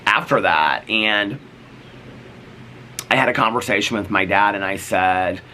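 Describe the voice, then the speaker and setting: A middle-aged man talks straight to camera in a relaxed, chatty vlog, winding through a story with lots of "like" and "you know" and acting out both sides of old conversations. His voice sits low but has a bright, forward edge. A faint hiss runs under the recording. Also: unhurried. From United States. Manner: chatty, full of "like" and "you know", acts out quoted exchanges. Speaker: vlogger.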